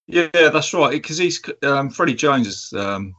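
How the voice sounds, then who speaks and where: Bloke rambling about a movie, lots of um, kinda muffled sound. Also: male voice, a little high, animated, a little slow, sharp tone. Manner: rambling, hesitant, many ums and laughs. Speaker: film review podcast co-host. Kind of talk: casual chat.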